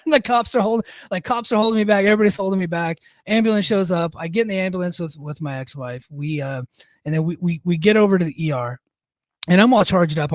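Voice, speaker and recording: Middle-aged male podcast co-host, higher-pitched voice, dry close sound, profane and self-mocking storyteller. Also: no echo. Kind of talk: casual storytelling.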